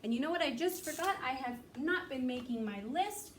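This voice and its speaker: A young woman teacher giving a slow, sing-song phonics lesson to young children, drawing out the letter sounds. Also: high-pitched, animated, distant mic, a little hiss or hum. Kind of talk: recorded kindergarten phonics lesson.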